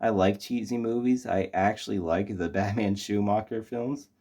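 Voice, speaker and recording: A man's voice: fairly low pitch, moderate pace, dark tone. A young man reviewing a movie in casual chat, rambling with lots of fillers and restarts.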